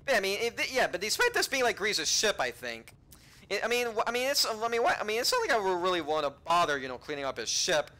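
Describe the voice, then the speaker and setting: A man narrating his own gameplay in a loose, rambling way, full of self-talk and half-finished sentences. His pitch leaps around a lot, and his tone is bright and forceful. He breaks into excited, swearing outbursts now and then. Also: quick pace. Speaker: video game let's-play commentator. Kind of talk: casual gameplay commentary.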